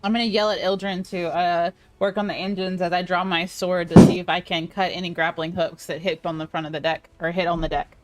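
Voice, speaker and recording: Woman, tabletop player, lowish voice, plain action statements. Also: level tone, brisk, hardly any pauses, very noisy. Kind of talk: casual tabletop play.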